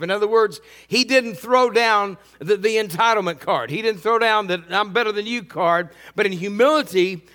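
A man's voice: sits high, a bit bright, in a large hall. A middle-aged man preaching a sermon as pastor, earnest and often repeating words.

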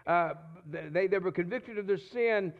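A man's voice: high-pitched, moderate pace, lo-fi sound. A man preaching a sermon in a conversational way, often repeating and restarting his words. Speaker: pastor.

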